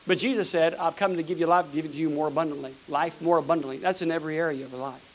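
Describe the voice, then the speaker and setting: A pastor from the United States, preaching a fervent sermon with emphatic repeated words. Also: male voice, a little high, steady tone, very fast, a little hiss or hum, low-quality recording.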